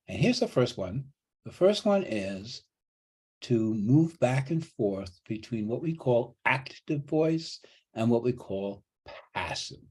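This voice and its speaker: A man lecturing a college English class over a video call, his voice slightly husky and mid-pitched. He explains patiently, stepping back to restart and repeat phrases as he walks through each point. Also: a little mellow.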